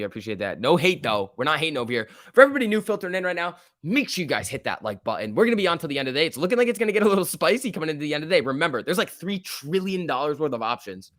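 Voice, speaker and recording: A young man hosting a casual stock-market livestream, talking excitedly, laughing often and reading chat messages aloud. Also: a little high, racing, no room sound, clean studio sound. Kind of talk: casual live-stream chat.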